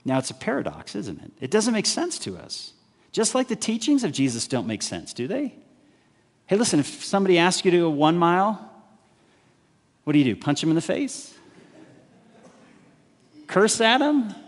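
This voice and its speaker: Animated preacher in a reverberant church hall. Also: male voice, sits high, moderate pace, pauses often. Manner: animated, rhetorical questions, acts out voices of crowds. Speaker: pastor. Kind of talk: sermon. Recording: live church stream with long hall reverb.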